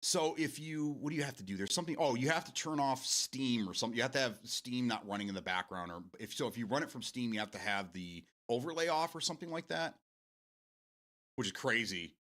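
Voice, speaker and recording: Male host, casual home gaming talk show. Bright, animated voice. Rambling, profane and quick to laugh. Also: mid-range voice. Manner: rambling, restarts often, swears freely, laughs a lot.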